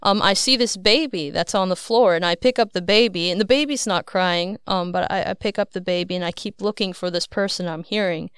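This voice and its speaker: A woman's voice: lowish voice, a little fast, few pauses, a bit bright, clean tone, no room sound, clean studio sound. A woman, a guest on a Christian program, telling at length about a dream she had, in a rambling, earnest way with self-conscious laughs. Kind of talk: casual storytelling.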